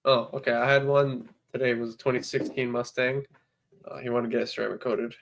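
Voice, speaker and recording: A man co-hosting a casual podcast, cutting in with quick, slangy jokes. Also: medium pitch, flat delivery, creaky, slight background noise. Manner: quick, joking interjections, slangy. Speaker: podcast co-host, auto detailer.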